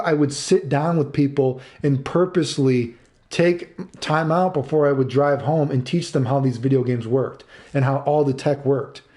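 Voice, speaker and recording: A man's voice: on the high side, mellow. A man in his thirties streaming live, ranting angrily and swearing, repeating himself and answering chat. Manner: angry, profane, repeats himself.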